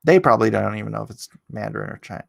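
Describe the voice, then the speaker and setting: A middle-aged man hosting a livestream, talking in a rambling, sarcastic opinion monologue that jumps up in pitch when he gets indignant. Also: rapid-fire, gravelly, no echo, studio quality. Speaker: livestream host.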